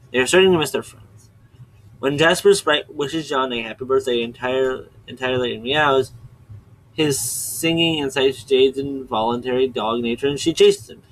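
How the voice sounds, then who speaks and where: A man's voice: medium pitch, fairly bright tone, rough recording. A man hosting his own video channel, giving a casual, rambling recap and often stopping to correct himself. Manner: chatty, digressive, often stops to correct himself. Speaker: video host summarizing a webcomic.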